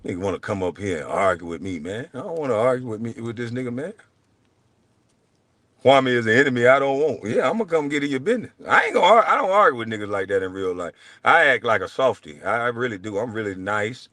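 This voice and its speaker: A middle-aged man hosting his show, ranting in a blunt, profane way and swinging between low mutters and loud outbursts. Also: lively intonation, fast talker, no room sound. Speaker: show host. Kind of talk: heated livestream rant.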